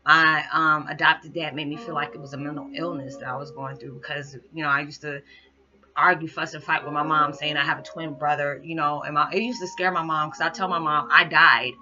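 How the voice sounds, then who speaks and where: A woman's voice: low voice, little pitch movement, fairly quick, bright, forceful tone. A woman vlogger giving an earnest, rambling, emotional monologue, speaking to her viewers. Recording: dull recording with music behind.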